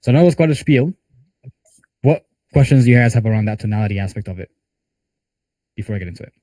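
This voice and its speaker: A man's voice: medium pitch, expressive, fast, dark tone, no echo. A man who is a sales coach, running a live group training call in a conversational way with casual fillers. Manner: conversational, talks with hands-on examples and casual fillers.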